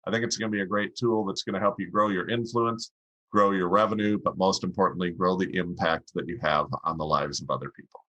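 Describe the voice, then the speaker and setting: A middle-aged man with a bright, forceful voice sitting low in pitch, teaching as a podcast guest. He speeds up, slows down, and pushes his pitch and volume up and down to show what he means. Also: muffled recording. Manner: animated, swings pitch and volume to demonstrate. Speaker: guest speaking coach. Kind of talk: podcast interview, teaching public speaking.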